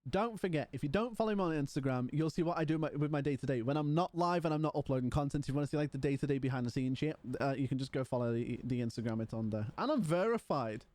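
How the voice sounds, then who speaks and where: Male streamer, a touch high-pitched, sleepy and rambling, bone-dry home desk-mic sound. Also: animated, quick pace, few pauses, darkish tone, dry recording. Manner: chatty, rambling, yawning and tired. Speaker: livestreamer. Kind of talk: casual stream chat.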